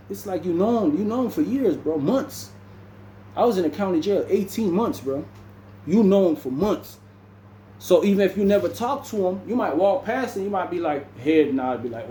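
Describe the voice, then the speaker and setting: A man's voice: a little high, warm tone, echoey room, a little hiss or hum. A young man, telling a story casually and saying "bro" constantly. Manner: laid-back, says "bro" constantly, acts out other people's lines. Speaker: vlogger.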